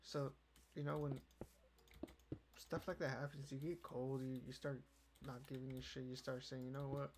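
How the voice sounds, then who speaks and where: A man's voice: medium pitch, flat delivery, moderate pace, darkish tone. A young man hosting a casual podcast, rambling and swearing, with "you know" in nearly every line. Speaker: podcast host. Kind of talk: casual chat. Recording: keyboard clicks and noise behind.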